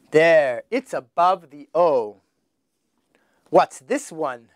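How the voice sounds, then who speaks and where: A man teaching children their letters, slowly sounding out each one with exaggerated emphasis. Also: fairly high pitch, lively intonation, dry recording, clean studio sound. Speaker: English teacher. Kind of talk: children's phonics lesson.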